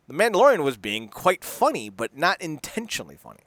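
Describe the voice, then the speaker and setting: A man co-hosting a podcast in casual, profane chat, animated and rambling with many restarts. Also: fairly high pitch, moderate pace, no room sound. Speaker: podcast co-host.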